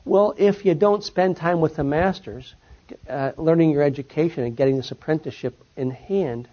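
Husky man lecturing, voice sinks at the end of sentences, dull lo-fi recording. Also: a little high, normal speed. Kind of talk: lecture with audience questions.

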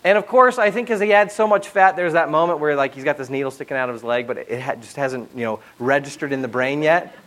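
Animated storytelling pastor, slightly high voice. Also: male voice, fast talker, hardly any pauses, rough recording. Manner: animated storytelling with asides to the audience. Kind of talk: sermon.

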